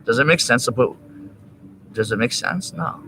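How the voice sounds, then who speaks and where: Rambling stoned man, bright voice. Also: mid-range voice, normal speed, a little hiss or hum, poor audio. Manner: rambling, profane, laughing asides. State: high. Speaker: vlogger. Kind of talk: rambling casual monologue.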